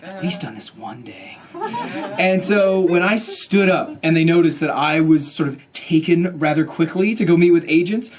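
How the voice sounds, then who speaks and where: Animated self-mocking man telling a story. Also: fairly high pitch. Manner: animated, self-deprecating, acts out his own inner voice. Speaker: author at a book event. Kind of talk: comic storytelling talk to an audience.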